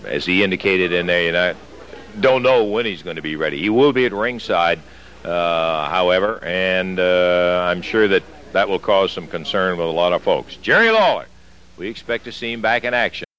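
A man, a wrestling TV announcer, speaking in a measured, polite way in archival commentary. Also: low-pitched, dull audio. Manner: measured, even, polite interviewer.

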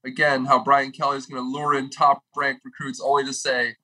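A young man delivering a comedic podcast rant with animated, exaggerated delivery and swearing. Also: mid-range voice, brisk, hardly any pauses, poor audio. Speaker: podcast regular with a comedic food segment.

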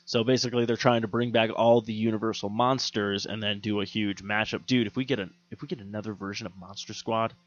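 A man co-hosting a podcast, chatting casually about movies, swearing freely and animated, dropping into quick mock voices. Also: on the low side, dull audio. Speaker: podcast co-host. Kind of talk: casual chat.

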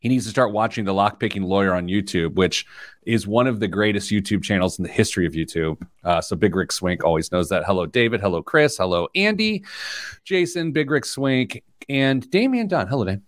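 A man's voice: lowish voice, brisk, dry recording. A man hosting a radio show, telling stories and joking in casual chat from a studio. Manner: lively storytelling, joking. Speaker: host.

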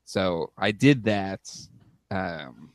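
Male podcast co-host, low lively voice, dry close-miked casual banter. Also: very slow, no room sound. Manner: animated, jumps in pitch when excited. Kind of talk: casual chat.

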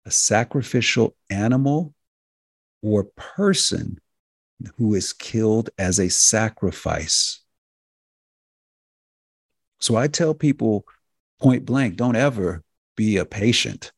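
A man with a very low, husky, fry-laden voice hosts a health talk radio show. He speaks in an emphatic, preacher-like cadence, repeating phrases for effect. His voice is recorded dry and close. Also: lively intonation, slow pace, pauses often, dry recording. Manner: addresses listeners directly as folks and healers.

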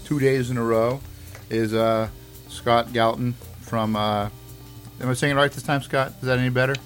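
Boston guy hosting a podcast, jokey and rambly, pokes fun at himself, soft music under it. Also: mid-range voice, fairly even intonation, moderate pace. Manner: joking, rambling, self-mocking. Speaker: podcast host. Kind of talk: casual podcast chat.

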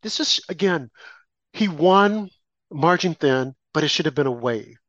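A man co-hosting a political talk show, speaking with impassioned emphasis and lively swings in volume. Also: fairly high pitch, measured pace, no room sound, highs cut off. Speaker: co-host.

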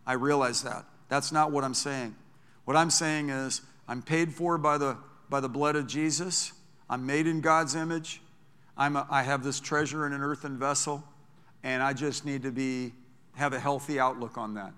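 A man preaching a sermon as pastor, talking in a conversational, animated way with frequent restarts. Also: medium pitch, normal speed, smooth, long reverb tail.

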